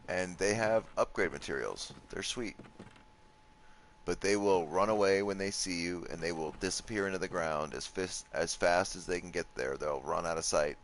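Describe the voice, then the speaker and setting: A man giving relaxed, casual commentary on a video game, thinking aloud and swearing now and then at enemies. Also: deep voice, a little hiss or hum. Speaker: gameplay commentator. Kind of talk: casual let's play commentary.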